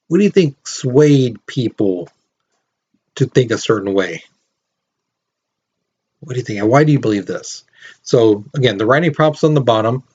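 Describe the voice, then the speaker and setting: A man's voice: mid-range voice, darkish tone, dull audio. A man teaching a recorded history lesson in a casual, rambling way, with lots of fillers.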